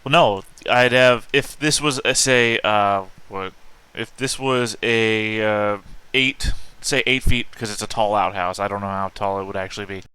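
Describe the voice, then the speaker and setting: A man's voice: lowish voice, steady tone, measured pace, pushed and bright, clean tone, no room sound. A man playing a tabletop role-playing game, arguing his case with many hesitations. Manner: argumentative, hesitant with fillers. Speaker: player.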